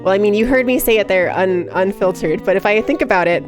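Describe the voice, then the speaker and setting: A woman's voice: medium pitch, quick pace, few pauses, music in the background. A woman live streaming who chats casually and reads chat aloud, giggly and playful with frequent laughter.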